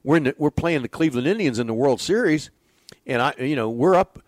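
An older man, a former baseball pitching coach, telling stories in an animated, chuckling way in casual conversation. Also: brisk, no echo.

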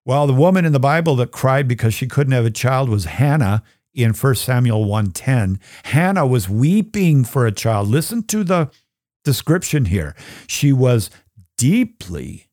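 A middle-aged man hosting a faith podcast, reflecting on Bible verses in an earnest, conversational way and reading Scripture slowly. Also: mid-range voice, dry recording, clean studio sound. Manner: gets choked up and soft when sharing personal grief. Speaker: podcast host. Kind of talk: reflective Bible teaching talk.

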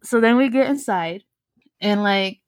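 A woman's voice: medium pitch, measured pace. Young woman telling a story. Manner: mixes English and Spanish, swears freely, laughs often. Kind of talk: casual chat.

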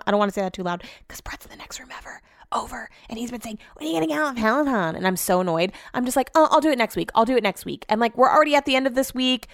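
A woman's voice: fairly high pitch, a bit bright, no room sound, studio quality. A woman hosting her own podcast, chatting casually in a rambling, profane way, sore and tired. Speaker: podcast host and radio host. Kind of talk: casual solo podcast monologue.

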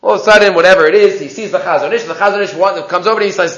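A man's voice: high-pitched, racing, fairly bright tone, reverberant, lo-fi sound. A man teaching a class in a conversational lecturing way, asking rhetorical questions.

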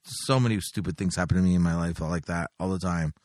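A man's voice: sits low, fast, darkish tone, no echo, clean studio sound. A male stand-up comedian telling a long story in casual, profane, rambling chat on a podcast.

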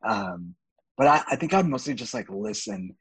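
A young adult man on a podcast as a guest, speaking openly and with animation, laughing often, with a husky voice. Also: mid-range voice, lively intonation, moderate pace, no room sound, rough recording. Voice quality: husky, gravelly. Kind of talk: candid casual chat.

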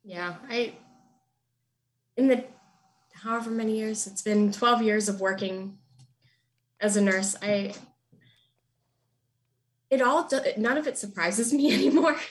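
A woman in her thirties, a nurse and podcast guest, telling funny stories in an animated, laughing way. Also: medium pitch, a little slow, pauses often. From United States. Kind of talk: casual storytelling.

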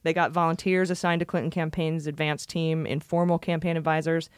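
A woman's voice: low voice, flat delivery, brisk, clear, resonant tone, no echo, studio quality. A woman hosting a podcast, reading through a report and making casual jokes about it. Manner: jokey, chatty, laughs often. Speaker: podcast host.

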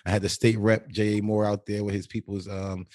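A man's voice: on the low side, level tone, brisk, darkish tone, no room sound, clean studio sound. A man hosting a podcast, telling stories in casual chat, profane and often laughing. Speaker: podcast host.

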